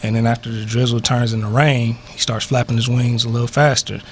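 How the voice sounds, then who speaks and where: A man's voice: mid-range voice, little pitch movement, fairly quick. A man co-hosting a talk radio show, telling a story in a laid-back, slangy way and acting out voices. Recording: faint background noise.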